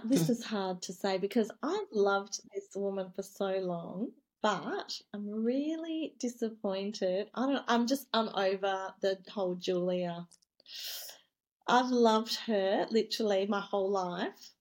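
A woman's voice: medium pitch, takes it slowly, a little mellow. A woman co-hosting a podcast, gossiping animatedly in casual chat and laughing easily. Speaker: podcast co-host.

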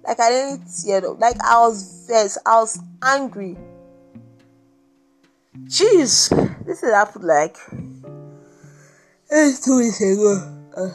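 Animated Nigerian woman telling a story. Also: medium pitch, unhurried, pauses often, soft background music. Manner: animated, exasperated, repeats herself for emphasis. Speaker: podcast host. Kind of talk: casual personal storytelling monologue.

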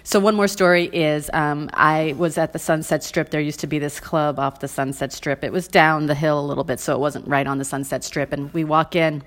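A woman's voice: a little fast, hardly any pauses. A woman co-hosting a casual podcast, telling a rambling anecdote with lots of ums and asides. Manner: rambling with many ums, acts out her own quotes in a high excited voice. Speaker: podcast co-host. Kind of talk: casual storytelling chat.

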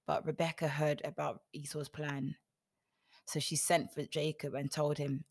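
A woman's voice: low voice, little pitch movement, unhurried, breathy edge. A woman reading a Bible story aloud and stopping to make wry, joking comments. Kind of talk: storytelling with sarcastic asides.

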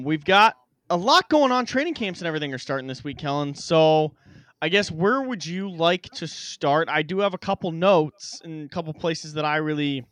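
A man's voice: fairly high pitch, a bit bright, dry recording. A young man hosting a casual sports podcast, upbeat and chatty as he steers from topic to topic. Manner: upbeat, leads the segments, chatty.

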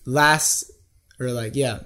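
A young man speaking as a guest on a podcast, in a mid-range voice at an everyday pitch. He tells his story in a loose, chatty way and keeps tacking "right?" onto his sentences. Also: slow, bright, forceful tone. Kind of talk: casual storytelling.

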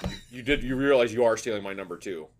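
A man's voice: lowish voice, fast talker, background noise. A man co-hosting a casual podcast chat, enthusiastic and swearing, explaining things plainly. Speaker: podcast co-host.

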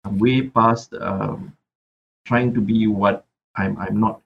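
A man's voice: on the low side, steady tone, slow, creaky, dull audio, a little hiss or hum. A Malaysian man who raps, talking reflectively as a podcast guest and often repeating words while he thinks. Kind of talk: casual interview chat.

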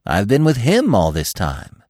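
A cheerful young buck brags in a lively, swinging voice, as a male narrator plays him. The storybook character sounds pleased with himself. His voice sits low and close in a dry recording. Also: a little slow, no echo, full character voice. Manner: boastful, lively.

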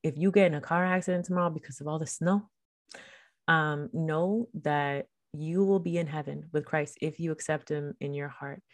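A woman's voice: low-pitched, fairly even intonation, moderate pace, no echo. A woman hosting a faith podcast, preaching in a fervent, emphatic, conversational way.

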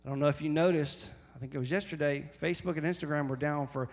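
A man preaching a sermon as pastor, emphatic and repetitive, often rising to loud, high exhortation. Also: fairly even intonation, quick pace, big-room sound.

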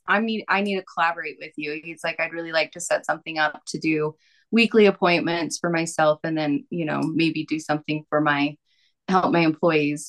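Chatty woman telling a story. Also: fairly low pitch. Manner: chatty, animated, many fillers and quoted asides. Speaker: podcast guest, massage therapist. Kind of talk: casual storytelling.

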